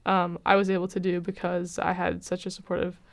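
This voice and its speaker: A woman's voice: fairly low pitch, completely flat delivery, a little fast. A young American woman, a university student, giving a candid, reflective personal testimonial with frequent "kind of" hedges. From United States. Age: young adult.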